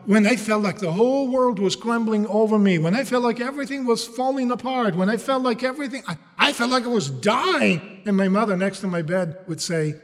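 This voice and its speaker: Male preacher, non-native English, fairly high voice, animated storytelling, long hall reverb. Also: fairly quick, few pauses. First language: not English. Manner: animated storytelling, rhetorical questions to the audience. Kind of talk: sermon.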